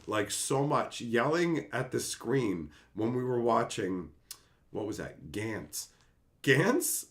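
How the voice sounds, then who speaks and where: A man's voice: medium pitch, fairly bright tone. A man casually ranting on a livestream, reading chat aloud, laughing and swearing as he gets worked up.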